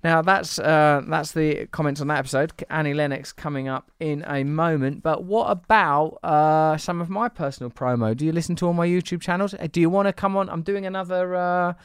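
A man's voice: on the high side, steady tone, fairly quick, few pauses, smooth, no room sound, clean studio sound. A man hosting a podcast in casual chat, playful and teasing, rambling from thought to thought. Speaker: podcast host.

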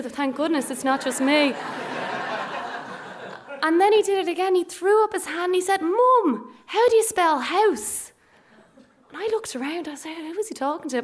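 A young Irish woman tells a comic story from her own life on stage, lively and self-mocking, often laughing through her lines. Her voice sits a little high for a woman. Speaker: storyteller and teacher. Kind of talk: live personal storytelling.

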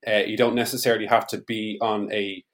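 A man's voice: on the low side, little pitch movement, a little fast. A man hosting a podcast interview, responding in a thoughtful, affirming way. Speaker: podcast host.

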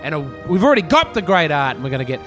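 A middle-aged man doing a rambling, self-mocking comic monologue as podcast host, swinging between loud declarations and low mutters. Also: very animated, racing, faint music behind.

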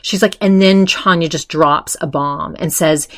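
A woman's voice: low voice, measured pace. A woman hosting a podcast, chatting casually as she retells a story, full of fillers and quoted voices. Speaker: podcast host.

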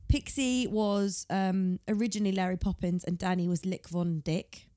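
A woman's voice: medium pitch, steady tone, moderate pace, dark tone, dry recording, clean studio sound. A woman co-hosting a podcast, chatting casually through a recap and reading quotes from her notes. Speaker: podcast co-host.

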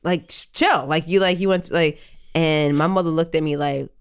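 A woman in her thirties talks through a personal story as a podcast host. Her voice sits a little low, and her delivery is chatty and reflective, full of casual fillers. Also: fairly even intonation, brisk, clean tone. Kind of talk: candid conversational storytelling.

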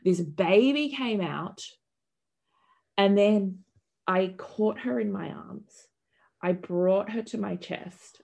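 Gravelly-voiced woman telling a vivid story. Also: mid-range voice, slow. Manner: vivid, expressive, swears freely, acts out quoted voices. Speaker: podcast guest. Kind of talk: candid conversational storytelling.

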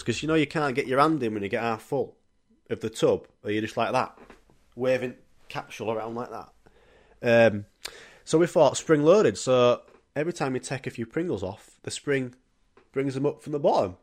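A man's voice: mid-range voice, lively intonation, normal speed. A young man, hosting a solo comedy podcast in a rambling, jokey, sweary way. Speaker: podcast host.

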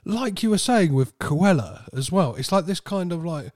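Co-host, higher voice with lively swings, rambling, dry close sound. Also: male voice, moderate pace, no room sound. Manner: rambling, laughing storyteller. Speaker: podcast co-host. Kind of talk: casual film podcast chat.

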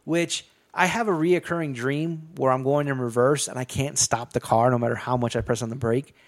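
A man's voice: medium pitch, steady tone, brisk. A man casually retelling a movie plot in a rambling, profane style, full of restarts and asides. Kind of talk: casual movie recap chat.

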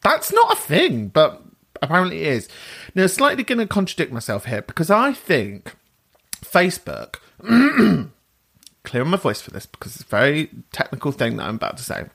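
A man's voice: a little high, wildly swooping pitch, normal speed, gravelly, fairly bright tone, husky. A man hosting a podcast in casual chat, cheeky and sweary, laughing often. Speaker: podcast host.

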